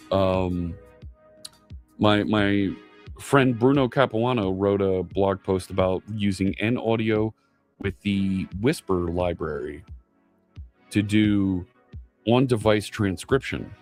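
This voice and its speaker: A middle-aged man, host of a live coding stream, chatting casually and answering viewers' messages out loud, with plenty of fillers. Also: lowish voice. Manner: chatty, reads chat aloud, many fillers. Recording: faint music underneath.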